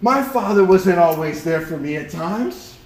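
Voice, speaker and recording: A young man preaching a sermon to a congregation, telling a story in an animated way with repeated words and frequent laughs. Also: high-pitched, measured pace, slight background noise. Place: church hall. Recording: echoey room with a congregation. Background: congregation responding.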